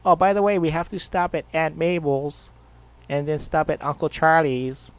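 A man voicing a wife who springs last-minute errands in a breezy, high voice. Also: steady tone, moderate pace, clear, resonant tone, no room sound, lightly acted.

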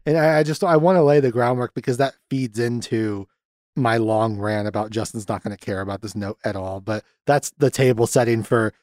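A man hosting a casual podcast, rambling through a film's plot with lots of swearing and quick acted-out bits of scenes. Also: mid-range voice, darkish tone, dry recording, studio quality. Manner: rambling, profane, acts out scenes. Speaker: podcast host. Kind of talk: casual film-recap chat.

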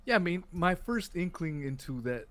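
A man's voice: on the high side, big pitch swings, moderate pace. A man hosting a podcast in casual chat, rambling, repeating words and dropping "man" and "dude". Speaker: podcast host.

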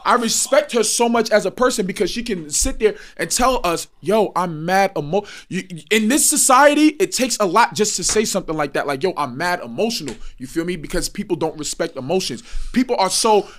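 A man's voice: high voice, animated, a little fast, a bit bright. A man talking in a casual group chat, preachy and profane, and he keeps repeating "you feel me".

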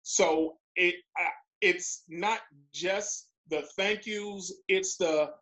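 A man talking casually on a panel about young men he mentors, relaxed and chatty with small hesitations. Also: high-pitched, drawn-out words, lo-fi sound. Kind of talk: casual conversation.

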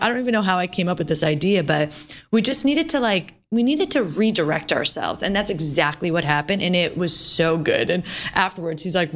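A woman's voice: fairly low pitch, moderate pace. A woman in her thirties co-hosting a parenting podcast in a casual, chatty way, full of "like" and "you know.". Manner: chatty, animated, lots of "like" and "you know" fillers. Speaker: podcast co-host.

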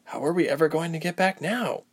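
Man playing a young woman, anxious, fretful, earnest, high raised voice, hushed. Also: fairly quick, slightly rough. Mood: worried. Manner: worried, fretful.

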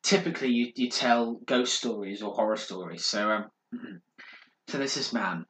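A man on a podcast telling a ghost story in a dramatic, hushed way, building suspense. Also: lowish voice, normal speed. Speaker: podcast co-host. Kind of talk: casual storytelling. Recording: roomy echo.

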